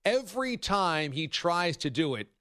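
A man hosting a sports talk radio show, telling stories in a wry, animated way. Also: fairly high pitch, a little slow, dry recording, studio quality.

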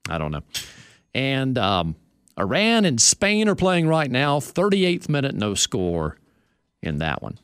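A man's voice: medium pitch, wildly swooping pitch, takes it slowly, a bit bright, smooth, no echo, studio quality. A man hosting a sports radio show, reading news items and chatting with asides.

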